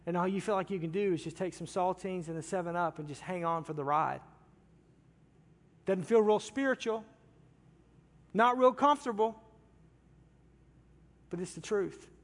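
A man preaching a sermon in a church, impassioned, moving from loud cries down to hushed, quiet passages. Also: high voice. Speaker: pastor. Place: large church sanctuary. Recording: long reverb of a big hall.

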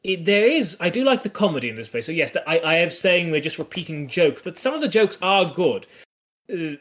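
Man, podcast co-host, slightly high voice, thoughtful, casual chat with restarts. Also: a bit bright. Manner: thoughtful, restarts and hedges while analysing. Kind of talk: casual discussion of a classic play.

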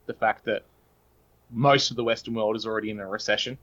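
A man's voice: on the low side, fairly even intonation, fast, fairly bright tone, highs cut off. A man with an Australian accent, a podcast guest talking in long, earnest, opinionated runs. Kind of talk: casual podcast chat.

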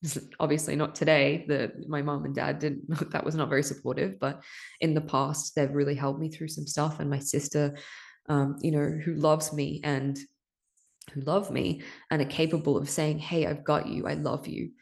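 Low, gravelly woman sharing openly. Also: little pitch movement, moderate pace, a little mellow. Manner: emotional, confessional, swears freely. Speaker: podcast host. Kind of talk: candid personal monologue.

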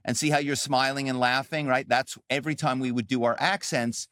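A middle-aged man, a guest on an interview show, telling his story in an animated, conversational way with many fillers. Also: mid-range voice, a little fast, hardly any pauses, no room sound, clean studio sound. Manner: animated storyteller, frequent "um" and "you know". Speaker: podcast guest, author and former corporate spy.

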